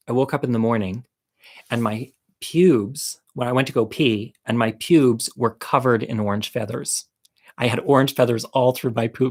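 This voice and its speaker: In a casual monologue, a man with a mid-pitched voice tells a funny story about his own life. He's campy, candid and self-deprecating, often breaking off to address the viewer in chatty asides.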